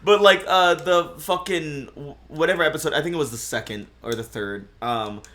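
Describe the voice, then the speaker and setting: A man's voice: a little high, moderate pace, a bit bright. A man co-hosting a casual podcast chat, rambling and swearing as he retells scenes. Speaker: podcast co-host.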